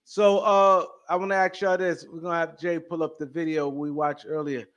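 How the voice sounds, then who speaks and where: A man hosting a casual podcast with a slightly raised pitch. He talks in a relaxed, conversational way and leads the discussion from one topic to the next. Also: normal speed, dull audio. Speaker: podcast host. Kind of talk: casual chat.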